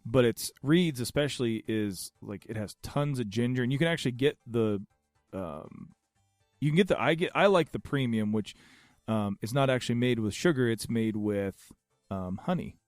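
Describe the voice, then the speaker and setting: A man's voice: medium pitch, moderate pace, dry recording, studio quality, soft background music. A man co-hosting a casual podcast, rambling and restarting with enthusiasm. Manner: rambling, self-interrupting, enthusiastic. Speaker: podcast co-host. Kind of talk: casual chat.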